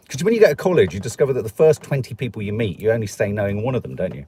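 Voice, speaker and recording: A man's voice: lowish voice, sing-song, very fast, mellow, a little hiss or hum. A middle-aged man with a Stoke accent, hosting a live stream and chatting in a rambling, jokey way. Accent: Stoke-on-Trent English. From England. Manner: chatty, rambling, jokey, puts on voices for people he quotes. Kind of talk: casual chat reading viewer comments.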